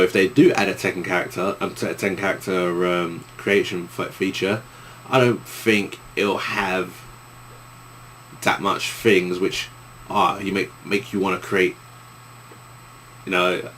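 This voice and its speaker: Young East London man, deep voice, loose rambling vlog Q and A delivery. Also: fairly bright tone, slight background noise. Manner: rambling, with many restarts and fillers. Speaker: YouTuber answering viewer questions. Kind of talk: casual Q and A vlog.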